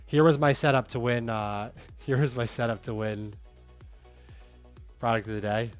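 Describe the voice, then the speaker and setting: A man hosts his own livestream in a relaxed, candid way, talking straight to viewers and reading their comments aloud. His voice sits in an ordinary middle pitch. Soft music runs faintly in the background. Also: moderate pace. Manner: candid, animated, reads chat comments aloud. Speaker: livestream host. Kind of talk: casual livestream chat.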